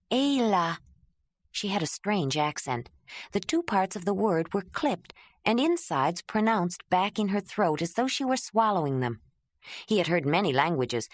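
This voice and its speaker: A woman with a mid-range voice narrates a novel for an audiobook, telling the story in a measured, even way. It's a dry, studio-quality recording of scripted narration.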